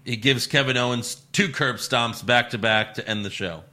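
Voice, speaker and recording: A man talks through a recap in a loose, joking way, with a bright, forward tone. He speaks at a middle pitch. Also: normal speed. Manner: loose, laughing, jokey recapping with put-on voices. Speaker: podcast co-host recapping wrestling. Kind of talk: casual chat.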